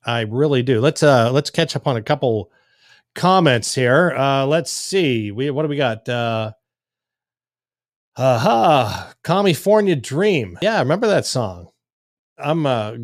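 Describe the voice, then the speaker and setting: A man's voice: mid-range voice, dry recording, clean studio sound. A man hosting a political commentary livestream, chatting casually and reading out viewer comments in a folksy, rambling way. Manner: folksy, chatty, with frequent fillers and asides.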